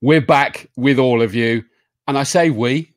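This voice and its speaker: A man's voice: mid-range voice, unhurried, dry recording, studio quality. A man hosting a casual live stream, joking with his co-host and reading out viewers' names and greetings.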